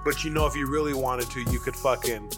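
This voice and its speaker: A man's voice: medium pitch, fairly even intonation, fast, loud music behind the voice. A man co-hosting a podcast, chatting in an easygoing, slangy way. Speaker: podcast co-host. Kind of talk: casual chat.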